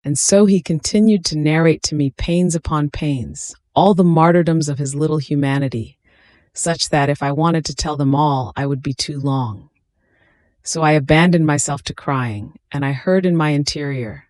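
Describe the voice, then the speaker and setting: A reader giving a slow, solemn devotional reading. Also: medium pitch, darkish tone, no echo.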